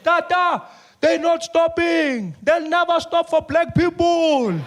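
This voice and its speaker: A man playing a jittery young aide with a South African accent, nervous and pleading. The voice climbs high and strained, and the words tumble out in worry. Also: fairly quick, lightly acted. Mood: panicky, pleading. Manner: pleading, panicky, higher-pitched. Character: anxious young male aide, panicky and pleading. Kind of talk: stand-up impression.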